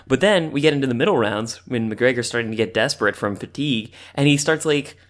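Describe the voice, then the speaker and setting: Male podcast co-host, chatty storyteller, fillers galore, mid-pitched voice. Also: fast talker. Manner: rambling, animated storytelling with frequent fillers and laughs. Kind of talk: casual chat.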